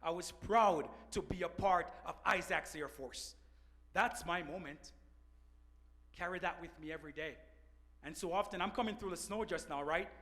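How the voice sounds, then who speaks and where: A man, an Air Force first sergeant, telling an earnest personal story to an audience on a panel, sometimes dropping to a hushed voice. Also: sits high, moderate pace. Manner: earnest storyteller, drops to a hushed voice at emotional points. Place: large auditorium.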